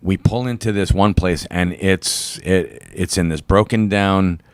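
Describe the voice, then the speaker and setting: A man's voice: deep voice, a little slow, clear, resonant tone, no room sound. A man who runs a comic shop, chatting casually and bluntly, grumbling about publishers and often trailing off into mumbles. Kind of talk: casual podcast chat.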